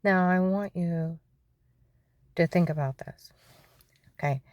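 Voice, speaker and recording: A woman's voice: lowish voice, slow, darkish tone, dry recording, highs cut off. A middle-aged woman telling her own story in a testimony monologue, keeps asking "okay?" and often drops into a whisper.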